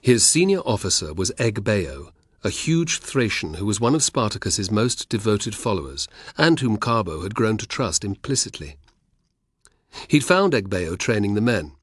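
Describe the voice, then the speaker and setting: Expressive male audiobook narrator, husky. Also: lowish voice, normal speed, dry recording. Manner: expressive storytelling. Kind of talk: scripted narration. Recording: dry close recording.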